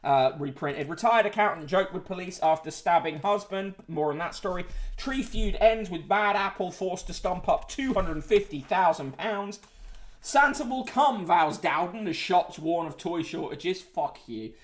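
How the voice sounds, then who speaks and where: A man's voice: high-pitched, expressive, normal speed. Sardonic British-based man livestreaming news. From United Kingdom. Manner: sardonic, swears, trails off with many fillers. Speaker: host reading newspapers and chat comments. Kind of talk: casual livestream commentary.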